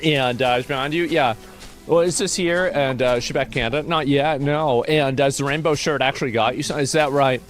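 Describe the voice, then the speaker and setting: A man's voice: medium pitch, a little fast, faint music behind. A man casually chatting on a livestream, reading posts aloud and answering chat in a rambling, mocking, profane way. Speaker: streamer.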